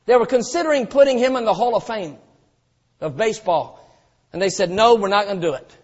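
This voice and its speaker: High-pitched male pastor preaching, goes quiet then yells, echoey church hall. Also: expressive, a little fast. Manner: storytelling preacher, swinging from quiet asides to shouting. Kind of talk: sermon. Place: church auditorium. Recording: dull sound with long hall reverb.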